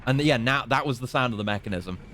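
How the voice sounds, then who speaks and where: A man's voice: mid-range voice, quick pace, background noise. Chatty British man streaming a game. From Britain. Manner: chatty, swearing, mock-taunting enemies. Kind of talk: casual gameplay commentary.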